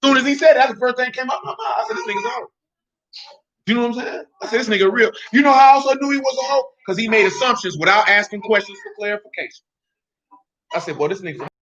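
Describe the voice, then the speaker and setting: Blunt male Bible teacher, high and bright, slangy and emphatic, on a dull lo-fi recording. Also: racing.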